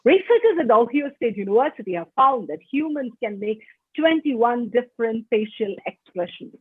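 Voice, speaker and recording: Woman lecturer, lively pitch, emphatic stress, heard over a phone-like call line. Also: normal speed, husky, no room sound. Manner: expressive, stresses words for emphasis. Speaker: webinar resource person. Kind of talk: online lecture. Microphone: video call.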